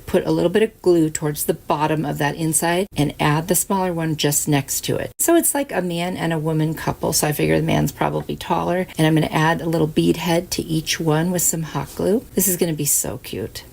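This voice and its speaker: A woman's voice: low-pitched, fairly quick, creaky, hardly any pauses, a little mellow, soft background music. A woman hosting a craft channel, chatting through each step of a project in a casual, upbeat way. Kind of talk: casual craft tutorial narration.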